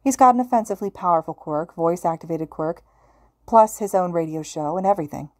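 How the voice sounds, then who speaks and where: A woman's voice: fairly low pitch, a little fast, no echo, clean studio sound, lightly acted. A woman voicing a nervous, shy teenage boy who stammers. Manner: stammering, shaky.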